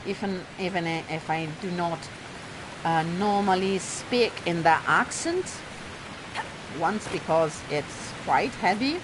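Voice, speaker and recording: Against a noisy background, a woman with a fairly low pitch and lively intonation talks at a slow pace. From Bologna, Italy, she has a light Italian accent with a slight Bolognese lilt and drama-school trained diction, casually commenting on a game as a let's play host, rambling and poking fun at herself.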